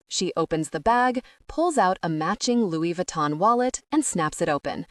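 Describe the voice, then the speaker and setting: A British woman reading an audiobook in the first person, expressive and wry. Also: fairly low pitch, normal speed, no room sound, clean studio sound. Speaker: audiobook narrator.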